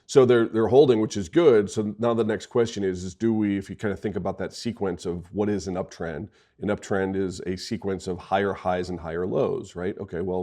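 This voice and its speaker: A man with a fairly low voice discusses markets in a relaxed podcast conversation. He talks with emphasis and pokes fun at himself and others. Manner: emphatic, gets fired up and jokes. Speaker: market strategist.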